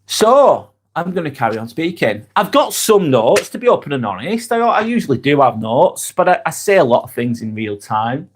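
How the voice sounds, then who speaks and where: A man's voice: fairly high pitch, sing-song, moderate pace, few pauses, husky. A man hosting a live stream, talking candidly and bluntly, swearing freely and reading out viewer comments as they come in. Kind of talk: casual live-stream chat.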